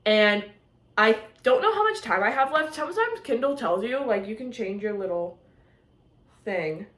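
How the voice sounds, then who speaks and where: A young woman, chatting excitedly on a casual reading vlog and gushing about a book between bursts of giggles. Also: a little high, normal speed, roomy sound. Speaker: book vlogger.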